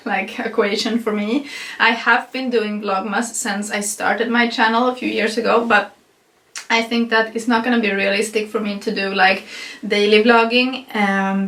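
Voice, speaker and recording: A woman's voice: fairly high pitch, a bit bright. A young adult woman vlogging casually to camera, a little out of breath, chatty and giggly with many fillers and restarts. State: slightly out of breath. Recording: roomy, voice a bit far from mic.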